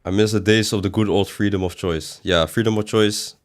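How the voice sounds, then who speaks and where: A man's voice: fairly low pitch, fairly even intonation, fairly quick. A man doing casual livestream commentary as a game streamer, reading chat aloud and answering it in a rambling way with sudden exasperated outbursts.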